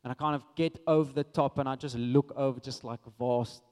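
A man's voice: medium pitch, fairly even intonation, brisk, darkish tone, long reverb tail. A South African man preaching a sermon, telling a personal story in a casual way with many fillers.

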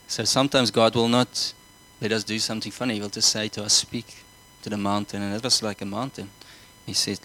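Male preacher, sermon, bright tone, earnest, repeats words, asks the congregation questions. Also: fairly low pitch, little pitch movement, brisk, hardly any pauses, low-quality recording.

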